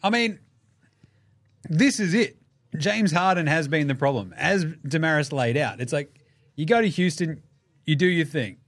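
An Australian man hosting a casual sports podcast, his voice sitting a little high. He rants with energy, swears freely and puts on mocking voices for the people he talks about. The sound is dry and close to the mic. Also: normal speed, no echo. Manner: animated, swears freely, acts out players in silly voices. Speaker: podcast host.

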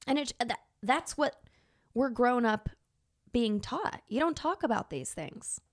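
A woman's voice: fairly high pitch, animated, measured pace. A woman in her thirties, a teacher, telling a personal story in an earnest, emotional way with many fillers.

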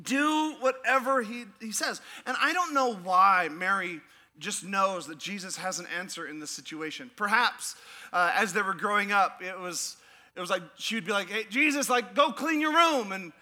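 A man preaching a sermon as pastor, animated and playful, with frequent laughs and asides. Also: high-pitched, normal speed. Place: church.

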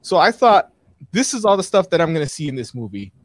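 A man's voice: fairly high pitch, very animated, quick pace, no room sound. A man co-hosting a casual podcast, reviewing a film in a rambling way with many fillers and restarts.

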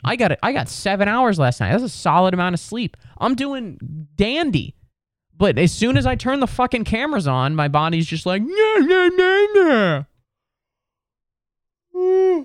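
This young adult podcast host's smooth voice comes through a dry, clean studio recording. Chatting about sports, he rambles, swears, and sounds fed up, sometimes leaping into mocking high-pitched imitations of others.

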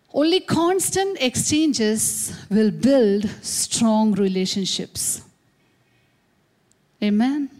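Slow, emphatic woman preaching a sermon. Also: mid-range voice, darkish tone. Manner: emphatic preaching with call-and-response repetition. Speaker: pastor. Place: church service.

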